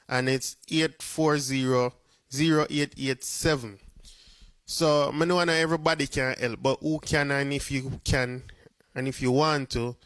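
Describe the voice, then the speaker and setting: This man's fairly high, fairly bright voice comes through on a dry recording. He's a Jamaican-accented vlogger chatting casually in patois, with "you see me" coming up often.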